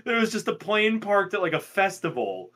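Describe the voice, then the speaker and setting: Male podcast co-host, high-ish and lively, incredulous and teasing. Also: normal speed. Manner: incredulous, loud teasing reactions. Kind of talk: casual chat.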